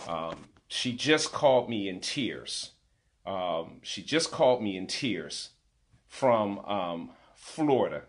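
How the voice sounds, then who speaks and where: A man's voice: fairly low pitch, very animated, takes it slowly. A man in his forties, a parent speaking out in an impassioned vlog, indignant and emphatic, repeating key phrases. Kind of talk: impassioned direct-to-camera vlog.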